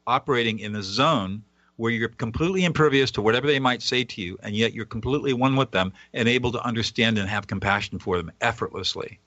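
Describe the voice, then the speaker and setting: A man's voice: medium pitch, fast, a bit bright, no echo, highs cut off. A man, a guest author on a radio interview, explaining a method earnestly and at times acting out example dialogue.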